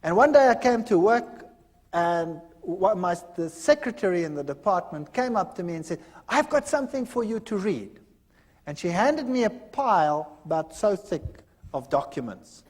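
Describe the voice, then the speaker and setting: Animated older man telling a testimony. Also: high-pitched, normal speed. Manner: animated storyteller acting out dialogue. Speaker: speaker giving a testimony. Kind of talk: personal testimony talk. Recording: hall reverb.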